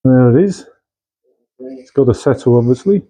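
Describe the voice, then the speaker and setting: A man chatting casually as he brews and pours his own beer in a home bar shed, relaxed and asking tag questions. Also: medium pitch, moderate pace, slightly rough, low-quality recording. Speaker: home brewer. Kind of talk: casual how-to chat. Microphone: camera mic, held by a helper.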